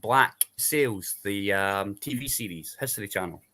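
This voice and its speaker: A man's voice: fairly low pitch, unhurried, pushed and bright. A Scottish man in casual chat, rambling through long explanations and checking in with tag questions. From Scotland. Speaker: panel guest.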